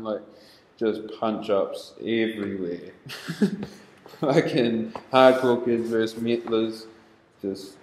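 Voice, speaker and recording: A young man with a lowish, slightly mellow voice tells stories casually, staying laid-back while swearing constantly. The recording has a roomy echo.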